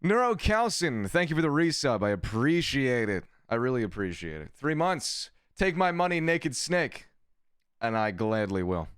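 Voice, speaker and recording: A man's voice: mid-range voice, sing-song, moderate pace, smooth, dry recording, studio quality. A man streamer giving sarcastic, profane commentary while reading chat aloud. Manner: sarcastic, swears often, reads chat aloud. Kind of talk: casual livestream commentary.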